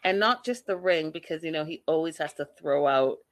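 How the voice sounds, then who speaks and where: A woman hosting a casual live-stream recap of a reality show, talking to viewers in a sassy, animated, exasperated way. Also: low voice, brisk, dry recording.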